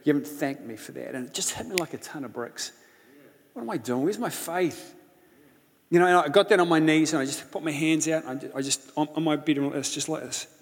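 A man preaching a sermon, telling a personal story with passion, swinging between loud outbursts and hushed prayer. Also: fairly high pitch, fairly quick. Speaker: pastor. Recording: long hall reverb.

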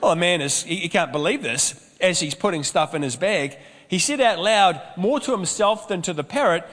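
A man preaches a sermon, his voice sitting high for a man. He tells stories with humorous asides, and a long hall reverb trails his words. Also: animated, normal speed, a bit bright. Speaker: pastor.

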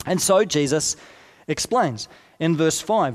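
Male preacher, high voice, chatty explanatory sermon, long hall echo. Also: animated, normal speed. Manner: conversational, explanatory, asides and rhetorical questions.

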